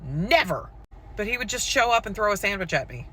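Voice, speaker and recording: A woman's voice: mid-range voice, very animated, a little fast, sharp tone, a little hiss or hum. A woman with school-age children telling a personal story to camera, frank and conversational, full of "like" and "um". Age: adult with school-age children. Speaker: poet and content creator.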